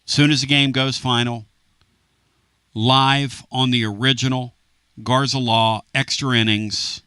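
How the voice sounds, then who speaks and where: Bright-voiced sports radio host, dry studio. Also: male voice, medium pitch, clear, resonant tone, dry recording. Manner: animated, rambling with quick asides. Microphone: studio microphone.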